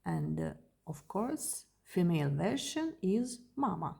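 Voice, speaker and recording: A woman with a Russian accent teaching a beginner language lesson, repeating each word slowly and carefully. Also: fairly low pitch, huge pitch swings, creaky, a little mellow, breathy edge.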